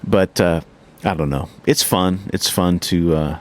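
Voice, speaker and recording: Low-voiced meandering podcast guy. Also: fairly even intonation, a little slow. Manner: loose, meandering, swears casually. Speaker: podcast co-host. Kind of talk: casual chat.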